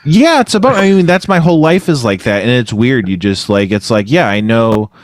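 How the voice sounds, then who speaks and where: A man's voice: mid-range voice, big pitch swings, fairly quick, dry recording. A man hosting a podcast, thinking aloud with lots of like and kind of. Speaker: podcast host. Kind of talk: casual podcast chat.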